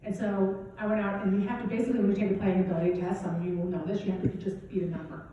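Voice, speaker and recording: A woman's voice: medium pitch, little pitch movement, rapid-fire, warm tone, slight background noise. A middle-aged woman golf coach giving a casual, conversational motivational keynote speech, often asking "right?". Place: event hall at a golf championship. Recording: very echoey hall, distant dull mic.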